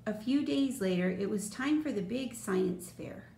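A woman reading a children's story aloud in a slow, expressive, clear way. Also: mid-range voice, distant mic. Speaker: storybook reader. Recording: roomy echo, faint noise.

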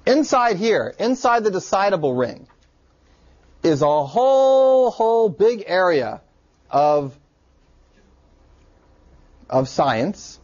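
A man teaching a computer science class in a relaxed, joking way. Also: sits high. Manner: relaxed and joking, with filler words. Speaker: lecturer. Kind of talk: classroom lecture. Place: lecture room. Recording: dull lo-fi classroom recording.

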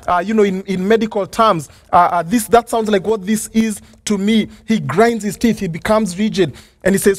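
High-voiced man preaching earnestly. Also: no room sound. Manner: earnest, reflective preaching with rhetorical questions; hesitant restarts and fillers. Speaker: pastor. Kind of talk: sermon.

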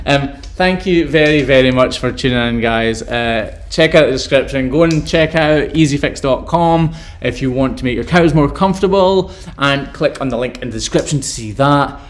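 A man's voice: mid-range voice, moderate pace, few pauses. A Scottish man hosting a live stream, reading out viewer questions and answering them in an upbeat, chatty way. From Scotland.

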